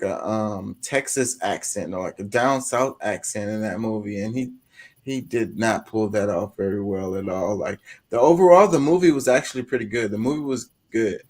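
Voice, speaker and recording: A man's voice: on the low side, darkish tone. A man co-hosting a casual podcast, rambling and repeating himself as he hunts for words. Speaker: podcast co-host. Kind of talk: casual chat.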